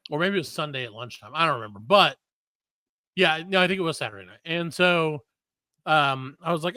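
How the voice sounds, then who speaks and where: A man's voice: fairly high pitch, brisk, no room sound, studio quality. A man, a comedy podcast host, telling a story in casual chat and acting out the other people in it. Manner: animated, acts out the other people in his story.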